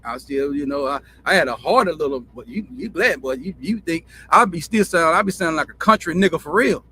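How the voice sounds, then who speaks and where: Man, Southern drawl, swears a lot, rambling monologue, bright forceful voice, faint background noise. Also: on the high side, expressive, a little fast. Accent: Southern US country drawl. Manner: profane, rambling, repeats himself. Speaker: show host. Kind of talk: casual storytelling monologue.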